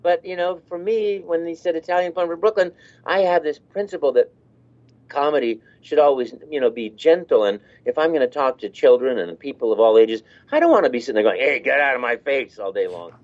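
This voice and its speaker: A man chatting in an interview about his work as a voice actor. His pitch rises and falls widely, and he breaks into laughter and demonstration voices. The recording is slightly muffled. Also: expressive, brisk, darkish tone. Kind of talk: casual interview talk.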